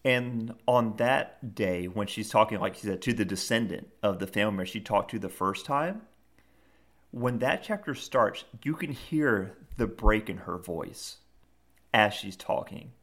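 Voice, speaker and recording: A man's voice: on the low side, unhurried, a bit bright. A man co-hosting a podcast, retelling scenes in a rambling, casual chat full of fillers. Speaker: podcast co-host.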